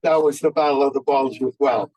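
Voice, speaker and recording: Halting old man telling war stories. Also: mid-range voice, a little mellow, no echo, poor audio. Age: 90s. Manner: folksy, halting with many fillers. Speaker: veteran speaker. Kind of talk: anecdotal war storytelling.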